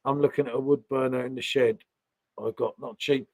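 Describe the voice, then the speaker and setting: A man's voice: mid-range voice, steady tone, fairly quick, darkish tone. A man hosting a casual live stream from his home, chatty, and he keeps tagging questions onto what he says. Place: home sitting room.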